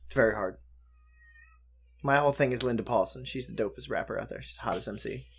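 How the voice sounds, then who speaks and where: A man's voice: mid-range voice, fast talker, gravelly, a little hiss or hum. A man co-hosting a podcast, chatting casually with friends. He talks in a crude, laid-back way, full of jokes and swearing. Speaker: podcast co-host. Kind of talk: casual chat.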